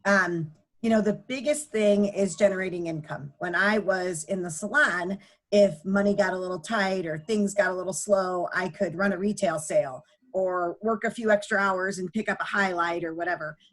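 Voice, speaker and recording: A woman's voice: medium pitch, fairly even intonation, moderate pace. A middle-aged woman, a nonprofit founder, telling her story as a guest in an earnest, chatty way with many fillers. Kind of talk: conversational storytelling.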